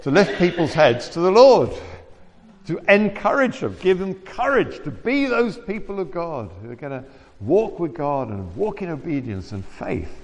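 A man preaching a sermon in a lively, conversational way with wry asides. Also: a little high, normal speed. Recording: long reverb of a church hall.

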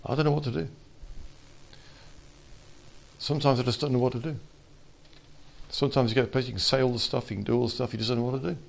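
A man preaching an informal sermon to a small fellowship, swinging from quiet asides to loud exhortation. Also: mid-range voice, fairly even intonation, racing, gravelly.

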